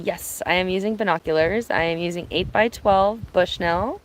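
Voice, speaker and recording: Soft-spoken, chatty woman live-streaming outdoors. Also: on the low side, normal speed, low-quality recording. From Ontario, Canada. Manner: soft-spoken and chatty, answering viewers' comments and laughing easily. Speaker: live-streaming bird watcher. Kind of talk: casual live-stream chat. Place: outdoors at a cottage. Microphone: phone on binoculars, held by hand.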